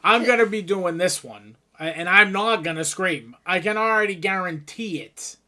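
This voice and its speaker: A man's voice: high-pitched, moderate pace, pushed and bright. A man co-hosting a gaming video, chatting casually in a boastful, rambling way with many restarts. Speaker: co-host of a gaming channel. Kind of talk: casual gameplay chat.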